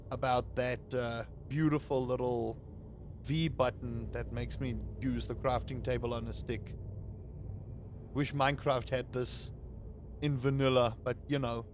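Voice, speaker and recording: A man streaming a game, chatting casually and playfully with his viewers, sometimes bursting into loud, excited hype. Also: mid-range voice, a little hiss or hum. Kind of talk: casual live-stream chat.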